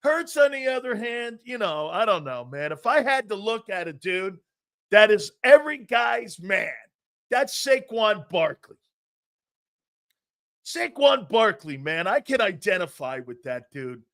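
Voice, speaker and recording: A middle-aged man with a high voice hosts a live sports talk stream. He jokes, laughs and bursts out loudly as he reacts to viewer chat, with plenty of fillers. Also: measured pace. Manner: excitable and jokey, loud outbursts, frequent laughs and fillers. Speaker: sports talk show host.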